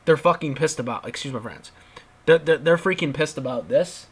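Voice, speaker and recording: A man's voice: fairly high pitch, moderate pace, slightly rough. A young man giving an exasperated, ranting vlog commentary, repeating himself and swearing. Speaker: wrestling commentary vlogger.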